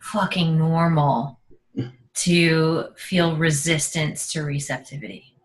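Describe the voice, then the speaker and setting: A woman's voice: sits low, steady tone, slow, low-quality recording. A woman co-hosting a relationship coaching podcast, frank and casual, swearing now and then.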